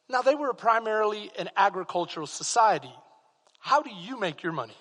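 A man preaching a sermon as pastor, swinging from quiet, slow passages to loud shouted peaks. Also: high-pitched, lively intonation. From Texas. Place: church sanctuary. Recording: long hall reverb.

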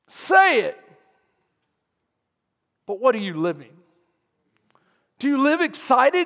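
A man's voice: very high-pitched, creaky, fairly bright tone, long reverb tail. A man preaching a sermon as pastor, emphatic and quizzing his congregation. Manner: emphatic, asks the congregation questions.

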